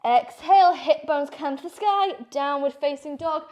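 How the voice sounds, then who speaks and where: A woman's voice: high-pitched, normal speed, a little mellow. A woman leading a power yoga class, calling out breaths and poses with encouraging cues while out of breath from doing the flow herself. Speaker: yoga instructor. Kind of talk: guided yoga class instruction.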